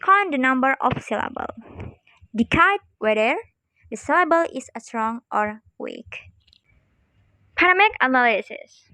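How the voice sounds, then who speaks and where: A woman's voice: sits high, animated, bright, forceful tone, dry recording. Young woman reading a phonetics lesson aloud. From Indonesia. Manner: careful, halting reading with small slips. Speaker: student presenter.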